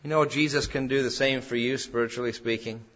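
A man's voice: medium pitch, steady tone, brisk, fairly bright tone. A man preaching a sermon in an earnest way that rises to emphatic peaks. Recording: dull lo-fi sound.

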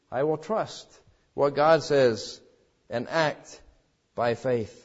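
A man preaching a sermon in an emphatic way, swinging between loud exhortations and quiet, low passages. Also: highs cut off. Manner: emphatic preaching with wide swings in pitch and loudness.

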